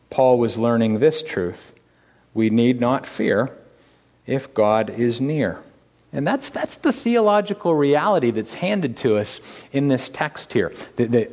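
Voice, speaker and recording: Slow-speaking pastor preaching in a reverberant church. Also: male voice, mid-range voice. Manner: dramatic shifts from hushed to loud, rhetorical questions. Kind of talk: sermon. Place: church sanctuary. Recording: long hall reverb.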